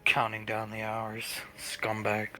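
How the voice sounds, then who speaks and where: A man playing a brisk, commanding woman officer in a tabletop role-play, with curt, dry remarks. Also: on the low side, monotone, bright, forceful tone, soft background music.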